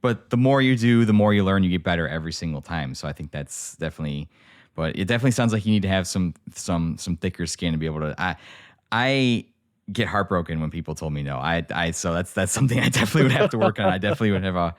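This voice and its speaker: A man's voice: low voice, fast, no echo, clean studio sound. A young man hosting a podcast, chatting casually and telling stories with lots of fillers. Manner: animated storytelling, many fillers. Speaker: podcast host. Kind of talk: casual interview chat.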